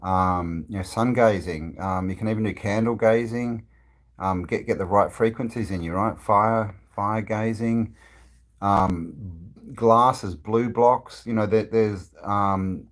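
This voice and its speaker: Deep-voiced man chatting on a live stream. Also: slow pace. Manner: rambling, relaxed, many fillers and restarts. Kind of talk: casual live-stream chat reading comments. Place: indoors, travelling.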